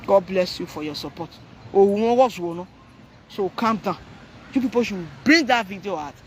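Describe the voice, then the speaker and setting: Speaking in an expressive, unhurried way with a voice that sits high, this Nigerian-accented man addresses live stream viewers in an animated rant that blends Pidgin, Yoruba and English. A little hiss or hum runs under the recording.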